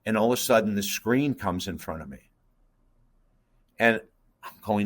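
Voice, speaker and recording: Earnest low-voiced man telling a story. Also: normal speed. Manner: earnest, intense, addresses host by name. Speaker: guest, life coach. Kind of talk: emotional personal storytelling.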